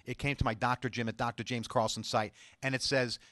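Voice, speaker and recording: A man's voice: medium pitch, level tone, fairly quick, a bit bright, dry recording, studio quality. A man hosting his own talk show as a doctor, speaking emphatically and insistently and reading viewer emails aloud. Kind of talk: studio talk show monologue.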